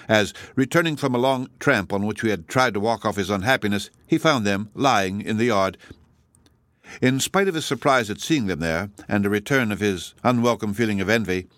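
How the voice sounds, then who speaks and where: A man with a voice on the low side narrates an audiobook story from a script, reading in a steady, measured way. The recording is studio quality with no room sound.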